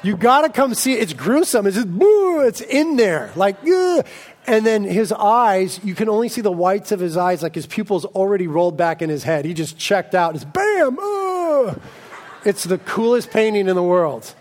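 Man, pastor, sermon, high voice, energetic, jokey. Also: moderate pace, hardly any pauses. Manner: energetic, jokey, animated storytelling.

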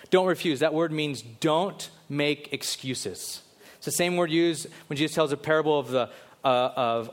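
A male pastor delivering a sermon in a fairly high voice. He presses his points with repeated urgent commands, then drops into low, intense passages. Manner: emphatic, rising and falling between loud exhortation and low intensity.

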